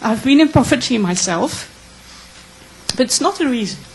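A woman from the Netherlands, asking an earnest, emotional question at a conference Q&A with many halting restarts. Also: fairly high pitch, big pitch swings, husky, poor audio. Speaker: audience member asking a question.

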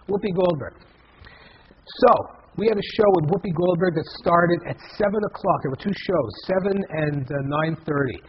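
A man's voice: high-pitched, moderate pace, lo-fi sound, slight background noise. A man in his fifties, a guest in a casual interview, talking in a rambling way with many restarts and repeated words. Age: 50s. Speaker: guest, comedy festival head.

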